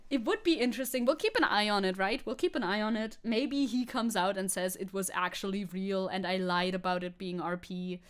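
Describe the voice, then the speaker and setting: A woman's voice: mid-range voice, brisk, hardly any pauses, clear, resonant tone. A woman hosting a live stream, chatting casually with viewers, rambling, repeating herself and laughing often. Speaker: streamer host.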